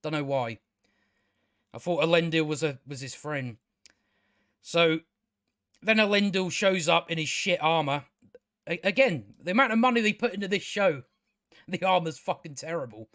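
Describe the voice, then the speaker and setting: A man's voice: a little high, moderate pace, pauses often, a bit bright, dry recording, clean studio sound. A man hosting a casual spoken TV review, sarcastic and exasperated, swearing freely and restarting his sentences. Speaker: TV review channel host.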